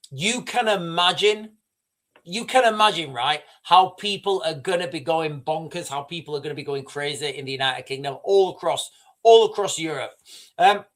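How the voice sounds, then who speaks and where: Guy livestreaming news reactions, highish voice, rambles and repeats himself a lot. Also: sharp tone. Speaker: livestream host. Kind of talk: live news commentary.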